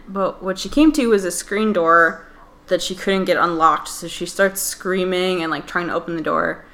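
A woman's voice: on the low side, a bit bright. Chatty woman podcast co-host. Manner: chatty storyteller, many fillers like "like" and "um". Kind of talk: casual chat, retelling a true crime story.

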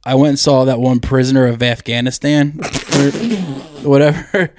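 A man's voice: medium pitch, moderate pace, noisy background. A man co-hosting a casual comedy podcast, telling rambling, profane stories and acting out the people in them. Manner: profane, rambling storyteller who acts out the people in his stories. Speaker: podcast co-host.

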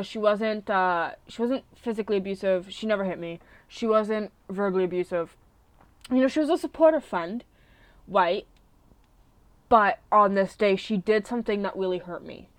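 A woman's voice: medium pitch, no room sound. Young woman podcaster, mid-range voice, casual confessional storytelling, curses a lot, dry close recording. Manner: candid, swears freely, asks "right?" often. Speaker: podcast host. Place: bedroom with open window.

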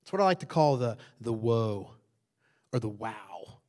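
A male pastor, preaching in a loud, conversational way that keeps asking the congregation questions and drops into hushed tones for emphasis. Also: mid-range voice, lively intonation, unhurried. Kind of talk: conversational sermon.

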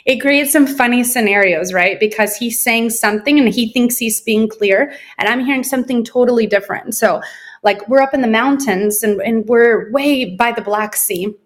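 A woman guest in a casual interview, telling stories in an animated way and acting out quoted dialogue. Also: medium pitch.

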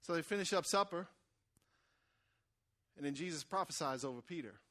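Preacher guy, high bright voice, chatty sermon, keeps asking the crowd for an amen. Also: expressive, moderate pace. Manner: conversational, call-and-response preaching with acted-out quotes.

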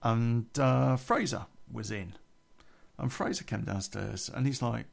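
A man's voice: medium pitch, a little slow, vocal fry. A man telling a personal story in a blunt, casual way, swearing heavily.

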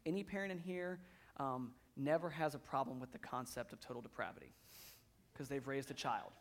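A man's voice: medium pitch, fairly quick. A man in his thirties preaching a sermon in a church, conversational, often repeating words as he builds up intensity. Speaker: pastor.

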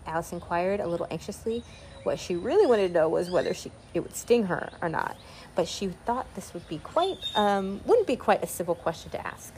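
A woman reading a children's classic aloud, pausing with ums to explain old words. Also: fairly low pitch, lively intonation, darkish tone, slight background noise. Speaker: reader.

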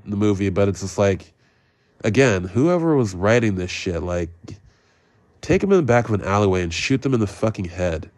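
A man's voice: lowish voice, no echo. A man hosting a podcast, giving a blunt, profane movie review rant. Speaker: podcast host.

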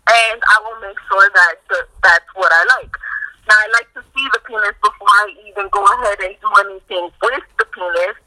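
A woman with a New York accent, speaking as a podcast guest in relaxed conversation. Her voice is strikingly bright and sharp, and she says things bluntly and gets right to the point. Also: mid-range voice, fairly quick, rough recording. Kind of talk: casual chat.

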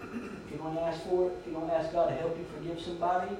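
In this sermon, a man with a fairly high voice speaks quickly and flatly over a noisy background. The pastor tells a story, presses his congregation and shouts out quoted drill commands, all picked up from a distance in an echoing sanctuary.

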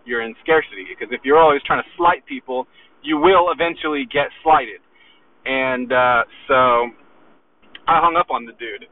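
A man's voice: medium pitch, normal speed. Brash man ranting on a tinny line. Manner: aggressive, profane, repeats "okay?". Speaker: weights seller. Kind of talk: motivational rant. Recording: tinny phone-like recording.

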